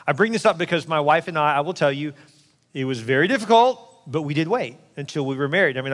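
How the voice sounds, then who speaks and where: A male pastor preaching a sermon in a candid, joking way, acting out the voices of the people he quotes. His voice sits a little high for a man. It rings with the long reverb of a big hall. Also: a bit bright.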